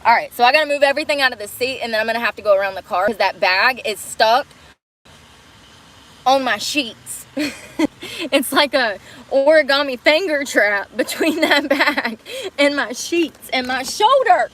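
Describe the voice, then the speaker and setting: A woman's voice: high voice, expressive, moderate pace, fairly bright tone, low-quality recording. A woman chatting on a livestream around a car, rambling, giggling and cursing, breathless from effort. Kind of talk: casual livestream chat.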